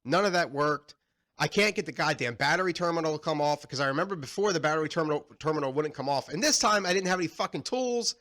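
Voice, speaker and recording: A young man tells a story on a casual podcast, swearing freely as he goes. His voice is bright and forceful and sits a little higher than most men's. He sounds animated and exasperated throughout. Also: fast talker. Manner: animated, profane, frustrated storytelling. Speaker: podcast co-host.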